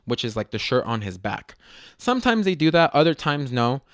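A man from Las Vegas hosting a casual podcast, telling stories in a rambling, self-correcting way with sudden lively jumps in pitch. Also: moderate pace, dry recording, clean studio sound. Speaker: podcast host. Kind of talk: casual solo podcast storytelling.

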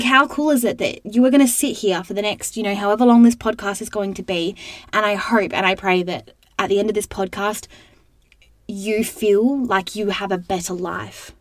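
A woman's voice: mid-range voice, dry recording. Upbeat young woman hosting a podcast. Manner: chatty and upbeat, full of "like" and "you know". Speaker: podcast host. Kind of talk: casual motivational podcast monologue.

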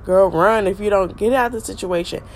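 A woman's voice: mid-range voice, brisk, a little hiss or hum. A middle-aged woman hosting a faith podcast, stuffy and congested from a cold, earnestly repeating her points like a preacher. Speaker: podcast host.

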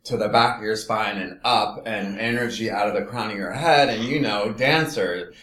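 A man's voice: on the low side, normal speed, a bit bright, reverberant. A man from Los Angeles, a dance company director, explaining his product in a casual interview chat, enthusiastic and step by step.

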